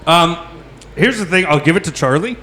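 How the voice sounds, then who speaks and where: A man's voice: fairly high pitch, expressive, normal speed, pushed and bright, a little hiss or hum. A man hosting a podcast, joking crudely and laughing while he eats hot dogs in a contest. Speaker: podcast host. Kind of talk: rowdy casual chat during an eating contest.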